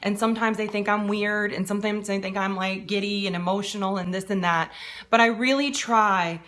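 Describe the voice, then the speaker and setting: Bright, upbeat woman live-streaming. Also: mid-range voice, steady tone, a little fast. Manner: upbeat, greets viewers by name; earnest, heartfelt. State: holding back tears. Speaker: financial and business coach. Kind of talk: live-stream chat greeting viewers.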